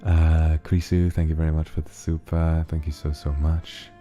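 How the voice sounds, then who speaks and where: A man's voice: rumbling low, level tone, moderate pace, warm tone, soft background music. A man streaming casually, rambling about ideas and thanking donors one by one. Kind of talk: casual stream chat reading donations.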